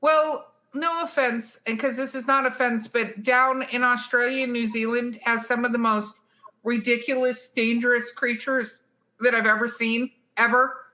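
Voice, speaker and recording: Woman co-host, casual and emphatic, bright and a bit high. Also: fairly even intonation. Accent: Southern US. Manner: chatty, emphatic, quick asides. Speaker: podcast co-host. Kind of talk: casual chat answering listener questions.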